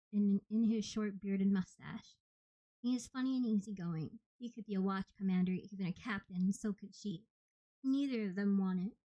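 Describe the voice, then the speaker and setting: A woman reads an audiobook in the first person in a mellow, steady voice. The recording is dry and a little dull, with no room sound. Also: medium pitch, no room sound. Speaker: audiobook reader.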